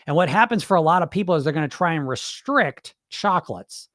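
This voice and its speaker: A man's voice: on the high side, animated, fairly quick, fairly bright tone, no room sound, studio quality. A man coaching on weight loss in a livestream, answering chat in a blunt, profane, fired-up way.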